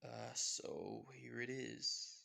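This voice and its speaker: A man's voice: mid-range voice, very slow, gravelly, pushed and bright, exaggerated voice. A man voicing an easygoing, apologetic male mechanic.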